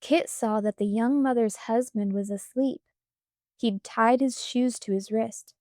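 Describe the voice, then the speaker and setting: A woman reading a storybook audiobook aloud in a calm, measured way on a close microphone. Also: on the high side, dry recording. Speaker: audiobook reader.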